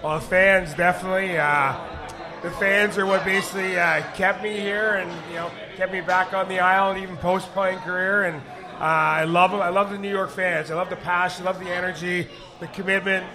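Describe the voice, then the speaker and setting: A middle-aged man and former hockey player, speaking with a raspy voice, answering questions casually at a live bar event. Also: high voice, normal speed, crowd noise. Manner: relaxed, rambling with fillers.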